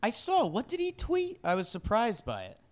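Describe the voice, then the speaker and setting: A young man co-hosting a podcast in casual sports chat, relaxed and joking, often answering briefly. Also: sits high, normal speed. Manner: relaxed, joking, short replies. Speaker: podcast co-host.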